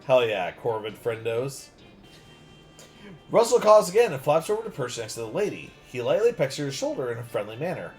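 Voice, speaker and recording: A man streaming a game, reading dialogue aloud with playful, animated commentary. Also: mid-range voice, moderate pace, faint music behind.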